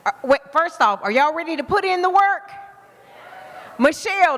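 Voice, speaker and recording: A woman's voice: sits high, lively intonation, normal speed, a bit bright. A woman with an Alabama accent giving a motivational talk to a live audience, engaging the crowd with questions. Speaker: guest speaker. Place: event venue with live audience. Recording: reverberant event hall.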